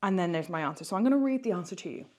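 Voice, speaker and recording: A young woman with a slightly low-pitched voice runs a French exam-prep lesson. She explains grammar and vocabulary in English. She reads French questions aloud slowly and clearly for her students to copy. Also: lively intonation, dark tone. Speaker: French teacher.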